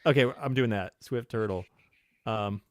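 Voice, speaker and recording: A man's voice: fairly low pitch, moderate pace, no echo. Guy co-hosting a chill stream, lots of um and laughs, super dry sound. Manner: hesitant, lots of ums, laughing. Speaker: podcast co-host. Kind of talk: casual livestream chat, word game.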